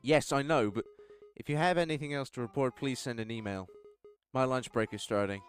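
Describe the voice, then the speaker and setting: A man voicing a bored male office HR worker with a put-on American accent and a flat, dismissive customer-service tone. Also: medium pitch, brisk, smooth, soft background music, lightly acted.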